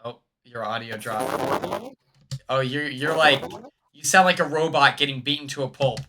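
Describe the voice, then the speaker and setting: A man's voice: medium pitch, moderate pace, very noisy. A young man chatting casually on a gaming stream, joking and laughing with his chat. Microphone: earbuds.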